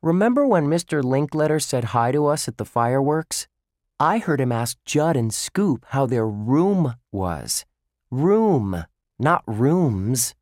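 A man voicing a quick-witted young boy detective who talks eagerly and like a know-it-all. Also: mid-range voice, sing-song, a little mellow, no room sound, clean studio sound, pitched above the performer's own voice.

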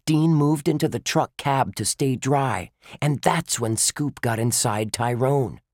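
A man's voice: medium pitch, measured pace, a little mellow, no room sound, studio quality, voice pushed up, natural voice. A man voicing an earnest young boy detective who reasons things out aloud.

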